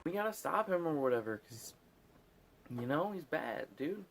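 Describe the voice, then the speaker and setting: A man's voice: a little high, sing-song, normal speed, over loud music. A drunk man hosting a casual movie recap, rambling and swearing as he goes. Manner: rambling, swearing, laughing at his own jokes.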